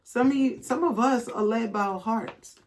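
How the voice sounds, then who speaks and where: A woman's voice: on the high side, normal speed, slight background noise. A woman reading tarot cards to her viewers in a loose, casual way, blunt and chatty, swearing freely and reading card messages aloud. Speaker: tarot reader.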